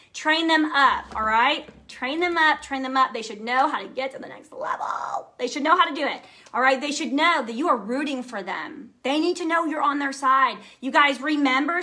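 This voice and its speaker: A woman's voice: high voice, pushed and bright. A young adult woman giving an emphatic, upbeat motivational live talk to her sales team, often checking in with "okay?" and "right?".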